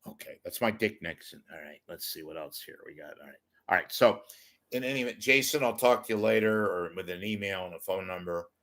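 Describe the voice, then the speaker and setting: A man's voice: low-pitched, fairly quick, fairly bright tone. A man hosting a casual monologue show, rambling and self-deprecating. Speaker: host.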